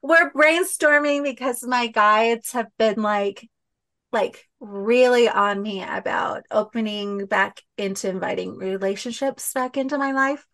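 A woman's voice: on the high side, measured pace, a bit bright. A woman hosting a podcast, chatting casually and rambling with many fillers and restarts. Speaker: podcast host. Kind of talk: casual heartfelt chat.

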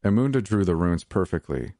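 Deep-voiced man narrating dark fiction. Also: expressive, a little fast, no room sound, studio quality.

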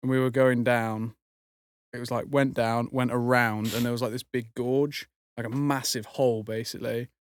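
A man's voice: medium pitch, flat delivery, normal speed, no echo, clean studio sound. A young man, a podcast co-host, telling a rambling story in casual chat, full of fillers and swearing.

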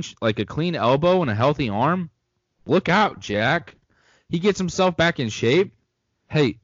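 A young man with a mid-range voice co-hosts a casual sports podcast, rambling and cracking jokes as he shares his opinions in a laid-back way. The recording is lo-fi and has no room sound.

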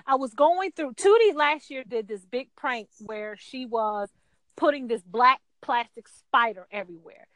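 High-voiced woman telling a story. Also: a little slow, no echo, rough recording. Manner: animated, acts out quotes in a high voice. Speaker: guest. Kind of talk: casual storytelling chat.

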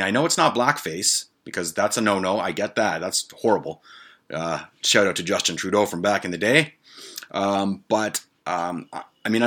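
A man's voice: deep voice, fairly bright tone. A man hosting his own show, telling a personal story in a casual, rambling way full of swearing and side notes. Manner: profane, rambling asides. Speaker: podcast host.

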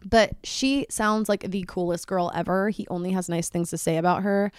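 A woman's voice: medium pitch, moderate pace, clear, resonant tone, no room sound, studio quality. Chatty young woman telling a story. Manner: chatty, fills speech with "like"; excitable, voice jumps up when worked up. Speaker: podcast host. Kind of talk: solo storytelling podcast.

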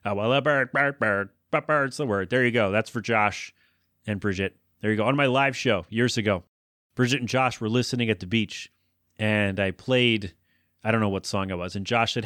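A man's voice: on the low side, normal speed, a bit bright, dry recording, clean studio sound. A man hosting his own podcast, talking alone in a loose, joking, self-deprecating way that wanders off track. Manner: self-deprecating, jokey, meandering. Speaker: podcast host. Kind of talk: casual rambling monologue.

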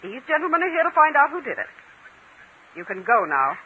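An actress playing a cold, haughty heiress who talks in a sharp, dismissive, imperious way, in 1940s radio style. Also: female voice, sits high, sing-song, fairly quick, slight background noise. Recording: tinny lo-fi old radio broadcast.

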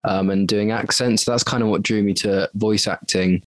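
A man's voice: lowish voice, steady tone, moderate pace, no room sound. A man who works as a voice actor, speaking hesitantly in a casual interview. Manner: hesitant, full of ums and restarts.

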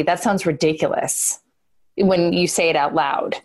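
A woman's voice: on the low side, moderate pace, a little mellow. A woman talking casually and earnestly on a podcast about her own experience, full of "like" and filler. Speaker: guest, host's wife.

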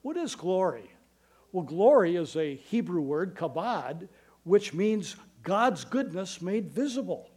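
A man preaching a sermon as pastor, earnest and emphatic, with quick asides and slow stressed phrases. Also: sits high, sing-song, a little mellow, husky.

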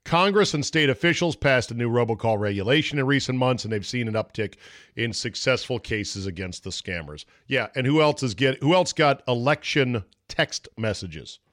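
A man's voice: medium pitch, lively intonation, moderate pace, a bit bright, no echo, studio quality. A man hosting a solo sports podcast, blunt and profane, mocking the takes he quotes. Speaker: podcast host. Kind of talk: opinionated solo sports talk.

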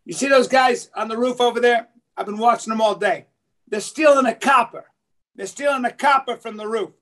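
A gruff, scheming old junkyard father, as a man puts him on barks pushy demands in a high, strained voice. He sounds like a hustler to the end. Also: fairly quick, a bit bright. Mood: insistent.

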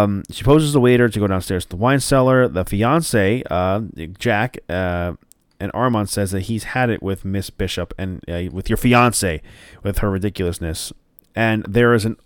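A man's voice: on the low side, clear, resonant tone, no room sound, studio quality. A man casually recapping a TV episode, rambling with lots of fillers and restarts and swearing now and then. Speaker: show recapper.

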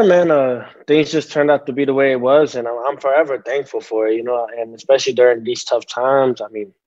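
A man's voice: medium pitch, a little mellow. Young man answering over a dull video call. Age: 20s. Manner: halting, many fillers and restarts. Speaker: interview guest, athlete. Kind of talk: casual interview answers.

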